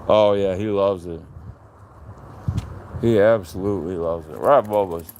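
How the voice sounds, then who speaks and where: Strolling through his house and backyard, a middle-aged livestream host chats unhurriedly and easily with viewers via his phone. His voice switches to a high sing-song whenever he addresses his dog, with faint outdoor noise in the background of the stream.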